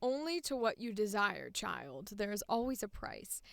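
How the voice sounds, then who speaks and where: A woman's voice: medium pitch, sing-song, normal speed, gravelly, a bit bright, no echo. A woman playing a sultry demonic beast. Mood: menacing. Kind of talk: voice audition. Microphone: close studio microphone.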